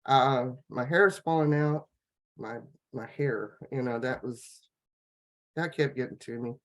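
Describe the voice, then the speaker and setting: A woman on a laptop video call, telling her personal health story in a rambling, halting way, full of fillers and restarts. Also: rumbling low. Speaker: guest sharing a health testimonial. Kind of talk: casual personal testimony.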